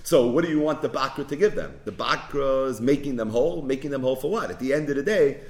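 A man teaching a religious text, animated and full of rhetorical questions, acting out both sides of an argument. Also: mid-range voice, fast. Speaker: Talmud teacher. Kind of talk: explaining a text in a class.

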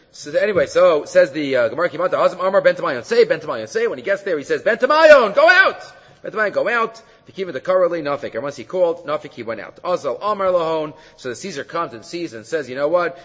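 Animated man teaching Talmud. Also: fairly high pitch, fast, few pauses, long reverb tail, dull audio. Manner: animated, mixes English with Hebrew and Aramaic, many fillers. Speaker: Torah teacher. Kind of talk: Talmud lecture.

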